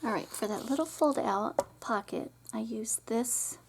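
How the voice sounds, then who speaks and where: A woman's voice: a little high, measured pace, gravelly, very noisy. A middle-aged woman hosting a craft tutorial, chatting and rambling as she works and muttering to herself over her supplies.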